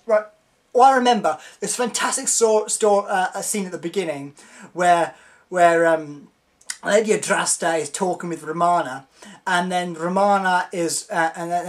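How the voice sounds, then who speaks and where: A woman giving a casual spoken review, excitable and rambling, often giggling as she talks. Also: lowish voice. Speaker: video reviewer.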